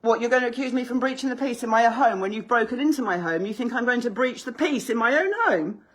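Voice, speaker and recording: A woman's voice: fairly high pitch, fast talker, husky. A woman, arguing indignantly and sarcastically with police and bailiffs inside her own home. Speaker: homeowner confronting bailiffs and police. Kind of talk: heated argument filmed at home. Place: hallway and kitchen of a house, indoors.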